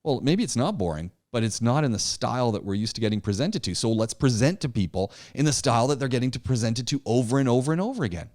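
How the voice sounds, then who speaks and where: A man's voice: mid-range voice, animated, fast talker, hardly any pauses, darkish tone. A man teaching a public speaking class, encouraging students and thinking aloud with many restarts. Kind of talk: interactive class discussion.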